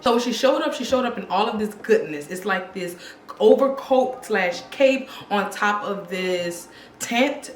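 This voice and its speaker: A young woman giving a casual, excited fashion review, chatty and talking straight to her viewers. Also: mid-range voice, a little slow, a little hiss or hum. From Louisiana, USA. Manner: chatty, excited, addresses viewers as y'all and girl. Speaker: fashion vlogger. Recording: echoey room with faint music.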